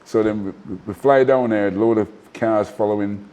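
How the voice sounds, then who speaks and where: A middle-aged man recounts his stories in a casual interview. His voice is dark and mellow, and his delivery is animated and full of asides and restarts. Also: on the low side, normal speed. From Manchester, England. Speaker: guest, former professional boxer.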